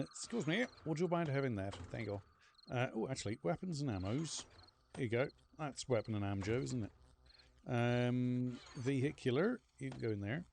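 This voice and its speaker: A man streams a survival game, chatting casually with rambling stories and swearing freely. His mid-range voice is gravelly, with a little hiss or hum in the background.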